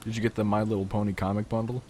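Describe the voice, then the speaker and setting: A man's voice: lowish voice, level tone, racing, dark tone, slightly rough. A man hosting a casual gaming podcast, talking in an offhand, dry way and swearing now and then. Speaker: podcast host.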